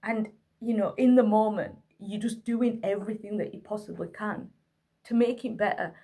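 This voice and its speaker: A woman's voice: medium pitch, moderate pace, mellow. A woman, a single mother, candidly and wearily telling a hard night with her autistic son to camera, worn out and near tears. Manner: candid, weary, tearful retelling. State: exhausted. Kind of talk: emotional personal vlog, talking to camera.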